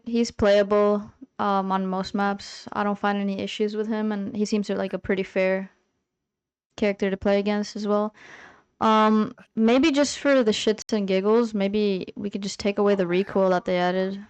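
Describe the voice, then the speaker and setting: A woman's voice: medium pitch, moderate pace, smooth, dry recording. A woman giving easygoing opinions in a casual gaming panel chat.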